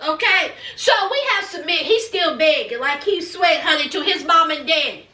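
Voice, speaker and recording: A woman's voice: high voice, animated, normal speed, pushed and bright. A woman giving a casual gossip recap of a reality show, sassy and drawling, with many asides to her viewers. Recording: echoey room.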